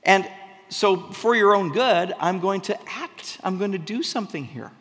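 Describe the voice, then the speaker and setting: A man's voice: high voice, expressive, unhurried, fairly bright tone. Man preaching in a reverberant hall. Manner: reads scripture aloud, then explains it in casual, conversational asides. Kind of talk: sermon with scripture reading.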